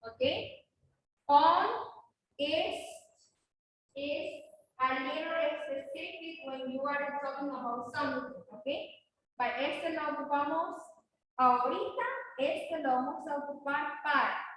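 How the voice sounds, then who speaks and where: A woman's voice: high voice, steady tone, unhurried, long pauses, a bit bright, a little hiss or hum. A woman teaching English in a classroom, leading repeat-after-me drills and coaxing her students along. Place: classroom, indoors. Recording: echoey classroom from far off.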